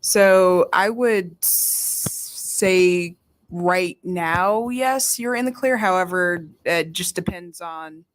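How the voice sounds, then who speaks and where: A woman's voice: fairly low pitch, slow pace. A woman from Nevada, weather office staff, carefully and somewhat hesitantly answering viewer questions on a live stream.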